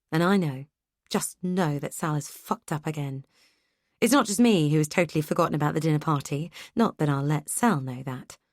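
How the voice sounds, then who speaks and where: Woman reading an audiobook, brisk and tense, lowish voice, dry close mic. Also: dry recording. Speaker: audiobook narrator. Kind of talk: first-person audiobook narration.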